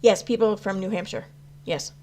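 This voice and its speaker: A woman's voice: mid-range voice, moderate pace, a little mellow, a little hiss or hum. Rambling woman chatting on a livestream. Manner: rambling, restarts a lot, swears, laughs often. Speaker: commentary channel host reading live chat. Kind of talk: casual livestream commentary.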